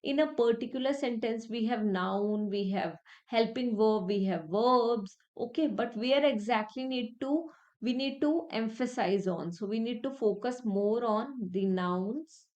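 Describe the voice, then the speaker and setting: A woman's voice: a little high, measured pace, darkish tone, lo-fi sound. A young woman teaching an exam-prep lesson, explaining each point step by step and repeating it with many "okay"s. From India. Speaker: English test tutor.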